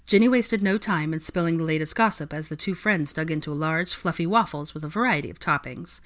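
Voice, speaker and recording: A woman reading fan fiction aloud in an expressive storytelling way. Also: deep voice, brisk, few pauses. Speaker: reader.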